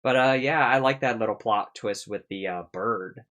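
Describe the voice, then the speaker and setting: A man with a slightly low voice talks his way through a casual recap of an episode. He rambles with plenty of fillers and swears freely, often laughing at his own jokes. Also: normal speed, a bit bright, highs cut off. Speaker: reaction video host.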